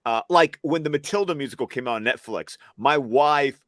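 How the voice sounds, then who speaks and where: A man's voice: medium pitch, normal speed, no room sound, studio quality. A married man telling stories on a film stream panel, laughing as he talks. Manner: storytelling, laughs while talking. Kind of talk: casual chat.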